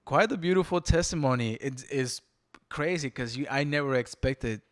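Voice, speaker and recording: A man's voice: mid-range voice, moderate pace, dry recording, studio quality. A man hosting a podcast interview, listening closely and answering with brief affirmations. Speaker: podcast host. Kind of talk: casual interview chat.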